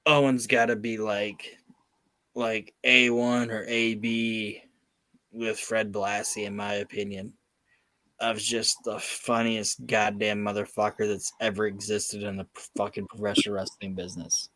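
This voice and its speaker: A man's voice: lowish voice, little pitch movement, a little slow, sharp tone, no echo. A man hosting a podcast, telling a story in a profane, emphatic casual chat. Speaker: podcast host.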